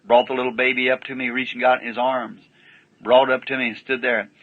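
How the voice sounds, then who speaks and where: A man's voice: medium pitch, flat delivery, fairly quick. A man preaching, telling a story in a folksy, plain-spoken way with rustic grammar, on a dull lo-fi archival recording. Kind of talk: sermon storytelling.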